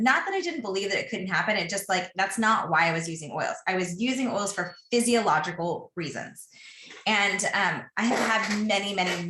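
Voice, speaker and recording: A woman in her thirties tells a personal story on a podcast in a casual, chatty way, often stopping to restart a thought. Her voice is bright and forward. The room around her is echoey and noticeably roomy. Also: medium pitch.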